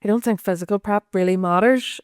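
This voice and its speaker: A woman's voice: medium pitch, fairly quick, clear, resonant tone, dry recording, clean studio sound. A woman, a podcast guest chatting candidly, swearing freely and laughing often. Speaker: podcast guest, social media creator. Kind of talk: candid casual chat.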